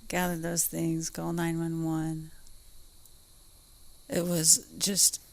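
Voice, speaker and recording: A woman with a low, gravelly voice and an unhurried pace, chatting with her co-host. She tells a story in short bursts and laughs often. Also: monotone, no room sound. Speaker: podcast co-host. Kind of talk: casual chat, storytelling.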